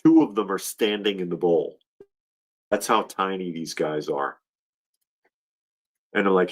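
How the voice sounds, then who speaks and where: A man's voice: deep voice, steady tone, moderate pace, pauses often. A man hosting a casual livestream, rambling and heartfelt as he talks, often restarting his sentences. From Georgia, US. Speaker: livestream host.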